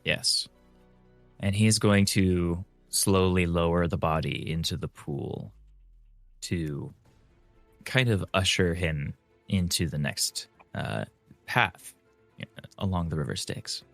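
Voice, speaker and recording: A man's voice: sits low, lively intonation, slow, vocal fry, pauses often, fairly bright tone, faint music behind. A man playing a tabletop game who describes his character's actions hesitantly, with frequent fillers. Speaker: player.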